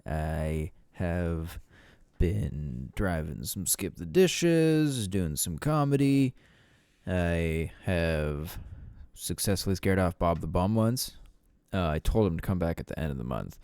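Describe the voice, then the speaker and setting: Male solo podcaster, loose rambling delivery, smooth mellow tone. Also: deep voice, expressive, slow pace, no room sound, clean studio sound. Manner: rambling, swears casually, frequent fillers. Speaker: podcast host. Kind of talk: casual solo rambling monologue.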